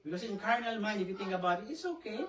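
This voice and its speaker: A woman's voice: mid-range voice, racing. A woman with a Filipino accent leading a Bible study in an earnest, conversational way, reading scripture aloud with many asides. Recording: echoey room, voice far from the mic, faint noise.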